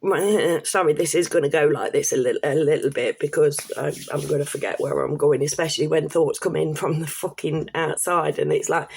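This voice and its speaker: A woman's voice: low voice, fairly even intonation, normal speed, vocal fry, husky. Sweary woman ranting to camera. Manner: rambling, sweary, laughing asides. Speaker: vlogger. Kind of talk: casual rant to camera.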